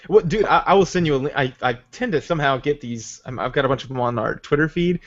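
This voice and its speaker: A man hosting a podcast, chatting excitedly and rambling about video games. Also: medium pitch, fast talker, highs cut off. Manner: excitable, rambling gamer talk. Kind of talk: casual chat.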